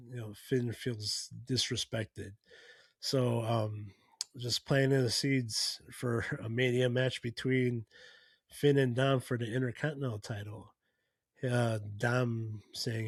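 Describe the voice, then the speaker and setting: A man with a gravelly, rough-edged voice talks through a recap in a loose, casual way. He rambles, restarting sentences and leaning on fillers as he goes. The sound is dry and close, with no room around it. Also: medium pitch, fairly even intonation, slow, dry recording. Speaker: podcast host.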